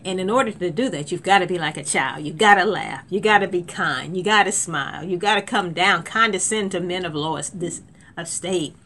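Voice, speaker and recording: A woman's voice: lowish voice, a little fast, pushed and bright. A woman preaching a sermon in a conversational way, with restarts and sudden emphatic lifts.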